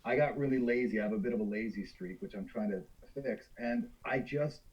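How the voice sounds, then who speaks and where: A man's voice: mid-range voice, a little fast, darkish tone, husky, highs cut off. A man from Canada, an actor, telling candid stories in a casual interview over a call. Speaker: actor guest.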